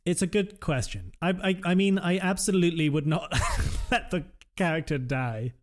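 A man on a casual podcast panel, halting and hesitant, laughing between his words. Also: on the high side, expressive, darkish tone.

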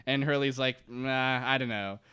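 A man's voice: medium pitch, steady tone, normal speed, pushed and bright, smooth. A man co-hosting a podcast, chatting casually as he recaps a TV episode, laughing often and trailing off mid-sentence. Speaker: podcast co-host. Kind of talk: casual chat recapping a show.

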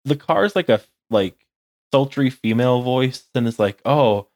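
A man's voice: mid-range voice, expressive, moderate pace, darkish tone, no echo. A young man co-hosting a casual podcast chat, rambling with lots of "like". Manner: rambling, heavy use of "like". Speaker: podcast co-host.

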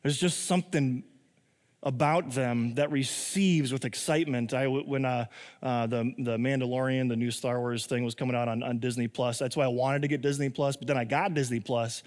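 A man's voice: medium pitch, normal speed. Chatty man preaching in a reverberant hall. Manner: conversational, tag questions, lively acted quotes. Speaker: pastor. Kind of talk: sermon.

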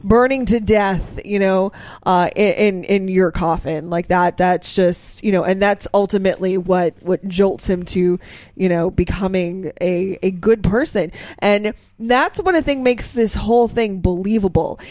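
A woman's voice: mid-range voice, a little slow, no echo. Chatty woman recapping a movie. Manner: animated retelling with many fillers. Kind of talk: casual movie discussion.

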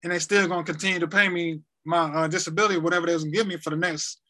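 A man's voice: fairly high pitch, steady tone, very fast, bright, forceful tone. A young man casually telling a personal story, rambling and repeating himself as he acts out conversations.

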